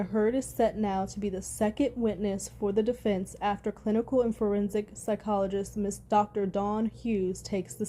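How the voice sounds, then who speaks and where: A woman's voice: medium pitch, warm tone. Furious profane woman ranting. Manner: heated, profane ranting, reads news aloud. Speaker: commentator. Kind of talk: angry vlog commentary.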